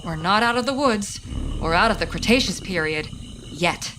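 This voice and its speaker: A woman hosting a children's storytelling show who speaks gently and coaxingly to the child watching. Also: mid-range voice, expressive, moderate pace, background noise.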